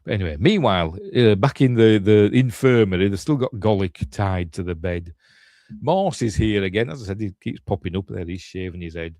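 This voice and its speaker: A man's voice: fairly low pitch, expressive, fairly quick, a little mellow, dry recording, studio quality. A man with a Yorkshire accent hosting a casual film review, retelling scenes in a rambling, chatty way full of fillers and chuckles. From Yorkshire, England. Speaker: film reviewer, channel host.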